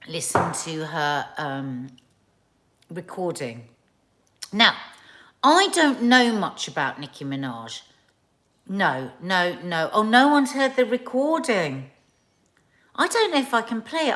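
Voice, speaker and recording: A woman's voice: mid-range voice, fairly bright tone. A woman in her forties chatting casually on a livestream, rambling and reading viewers' comments as host. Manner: chatty, rambling, with fillers and laughs.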